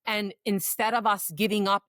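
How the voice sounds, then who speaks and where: A woman's voice: mid-range voice, flat delivery, normal speed, a bit bright, no echo. A woman in her forties co-hosting a casual podcast as a coach, giving earnest, encouraging advice. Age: 40s.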